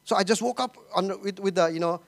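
High-voiced emotional pastor preaching. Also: male voice, fast. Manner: emotional, laughing, animated storytelling with repetitions. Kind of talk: sermon.

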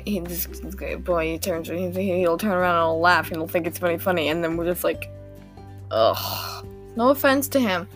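A teenage girl chatting alone on her podcast about her day, rambling and poking fun at herself between giggles. Her voice sits a little low for a girl. Soft music plays faintly behind her. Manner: rambling, self-deprecating, giggly. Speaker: podcast host. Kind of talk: casual diary-style monologue.

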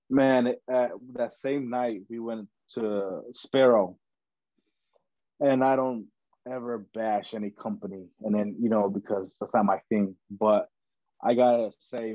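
A man's voice: fairly low pitch, steady tone, a little slow, no room sound. Young man telling a story, dull dry sound. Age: young adult. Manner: loose and chatty, full of "man", "bro" and "like". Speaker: podcast guest. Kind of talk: casual storytelling.

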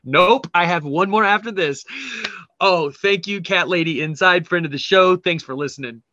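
The recording is muffled but echo-free, and the man's voice is high, at a moderate pace. As a podcast co-host reading memes in casual chat, he laughs, swears and tells stories with lots of energy.

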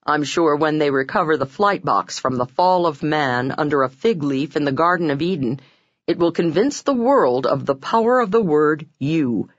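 A woman narrates self-help material from a script in a fairly low voice with a very lively, swooping pitch. She acts out the quoted lines with sudden jumps in pitch. The recording is dry and a little dull, as if on lo-fi gear. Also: normal speed, no room sound. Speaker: audiobook narrator.

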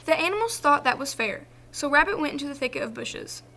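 Bright high-voiced woman reading a storybook. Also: sing-song, fast, slight background noise. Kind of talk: reading a children's book aloud.

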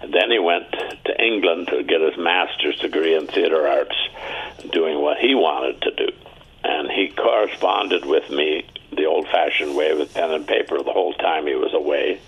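Older man guest in his seventies from Ontario, Canada, spinning chatty anecdotes; husky voice over a tinny line. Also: normal speed, a bit bright. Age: 70s. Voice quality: very deep, gravelly and husky. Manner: chatty anecdotal storyteller, acting out quoted voices. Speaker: interview guest. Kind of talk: storytelling interview.

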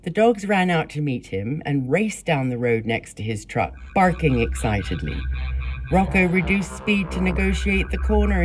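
Woman, very low mellow voice, measured memoir narration over faint music. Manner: measured, plain storytelling with blunt profanity in quotes. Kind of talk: first-person memoir reading.

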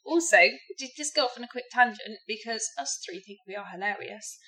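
A woman's voice: fairly high pitch, a little fast, bright, forceful tone, breathy edge. A woman hosting a casual crime podcast, chatty and giggly as she narrates a case. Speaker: podcast host.

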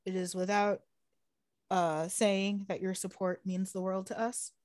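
A woman's voice: medium pitch, a little slow, no room sound, clean studio sound. Laughing, swearing young woman podcast co-host. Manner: animated, laughs often, swears freely. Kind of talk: casual chat.

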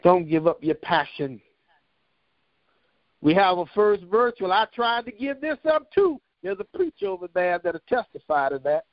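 A man preaching a sermon, telling a personal story with a measured, repetitive cadence. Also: high voice, big pitch swings, gravelly, no echo, muffled recording.

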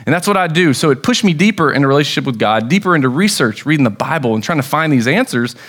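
Young American male pastor, slightly raised pitch, casual storytelling sermon with excited bursts. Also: quick pace.

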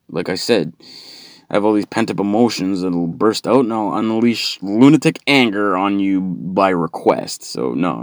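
A man with a very low, gravelly voice delivers a profane, sardonic stand-up rant. His pitch swings widely as he mocks and complains. The sound is dry and close. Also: dry recording. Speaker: stand-up comedian. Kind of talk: stand-up comedy monologue.

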